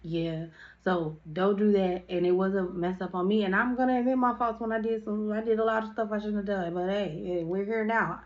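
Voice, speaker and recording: A woman's voice: medium pitch, steady tone, a little fast, hardly any pauses, lo-fi sound. A young woman chatting through a storytime in a casual, slangy way, with lots of "like" fillers.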